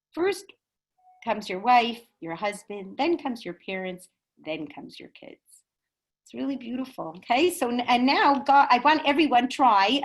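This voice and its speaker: Animated woman teaching a Torah class. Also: sits high, poor audio. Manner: animated, chatty storytelling with rhetorical questions. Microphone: video call.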